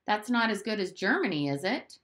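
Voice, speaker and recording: A woman's voice: sing-song, a little fast, fairly bright tone. A woman reading aloud, voicing a curious, naive nine-year-old boy in a storybook. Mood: eager. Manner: eager, high-pitched, questioning.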